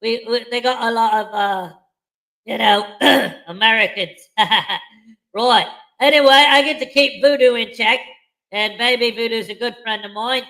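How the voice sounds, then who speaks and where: A man voicing a chummy male kangaroo with a high, bright put-on voice. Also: unhurried, full character voice, poor audio. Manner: chummy, rambling. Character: cheeky male kangaroo with mock Aussie slang.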